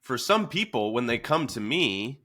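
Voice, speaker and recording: A man, a fitness coach and podcast host, talking in a calm, even-keeled way with many fillers. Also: mid-range voice, unhurried. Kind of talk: casual podcast chat.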